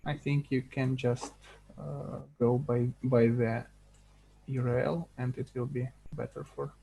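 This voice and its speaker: A man with a Slavic accent on a video call, speaking in a hesitant, halting, apologetic way. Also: mid-range voice, little pitch movement, vocal fry, mellow, husky. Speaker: working group organizer. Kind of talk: casual video call chat.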